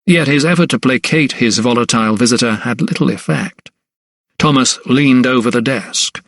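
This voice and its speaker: A male audiobook narrator with a mid-pitched voice, telling a period mystery in a measured, even way. The recording is dry and close, with no room sound. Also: gravelly, no echo. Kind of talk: scripted narration.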